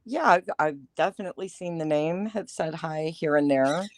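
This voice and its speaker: A woman guest on a livestream talks through a topic in a low voice at a moderate pace. Her casual commentary is talkative and discursive, with plenty of fillers.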